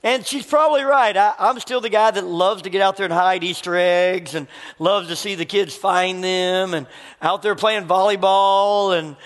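A man's voice: sits high, long reverb tail. A middle-aged man, a pastor, preaching a sermon and telling a family story, acting out the dialogue.

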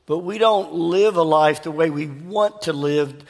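A man delivers a sermon and works a personal story into it. He acts out both sides of each exchange in an animated way. His voice sits high for a man, and it carries a long reverb from the hall. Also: unhurried, vocal fry. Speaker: pastor.

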